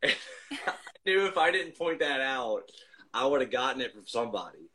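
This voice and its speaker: A man's voice: mid-range voice, big pitch swings, normal speed, bright, forceful tone, low-quality recording. A man chatting casually over a video call, reminiscing in a rambling way and restarting his sentences often. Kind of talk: casual chat.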